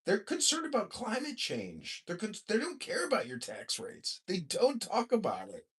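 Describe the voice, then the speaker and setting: His voice is high and swoops wildly in pitch while he talks at normal speed. This Chicago-area podcaster and mayoral candidate hosts a rough, informal political discussion in an online voice room, swearing bluntly and launching into rants.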